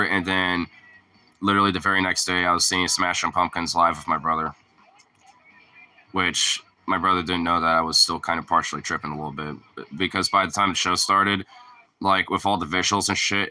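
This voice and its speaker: A man's voice: deep voice, pushed and bright. A man streaming and chatting casually, rambling with lots of filler words and swearing freely. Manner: rambling and profane, full of "like" fillers. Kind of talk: casual chat.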